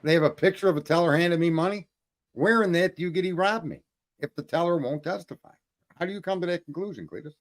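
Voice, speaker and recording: A man's voice: a little high, quick pace. A man hosting a show, telling a profane story in a blunt, ranting way, often restarting his sentences and calling out to his listeners. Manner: repeats words when starting sentences. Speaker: host.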